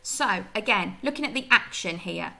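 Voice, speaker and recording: A woman teacher giving a recorded reading lesson, explaining gently and asking her pupils questions. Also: medium pitch, expressive, moderate pace, creaky. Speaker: primary school teacher.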